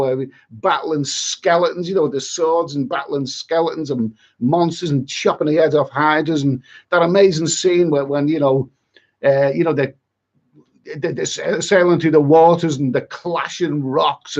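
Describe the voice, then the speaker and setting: Husky, ranting man. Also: on the high side, darkish tone, dull audio. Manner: chatty and exasperated, many repeats and asides. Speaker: travel vlogger on a livestream. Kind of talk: rambling livestream rant.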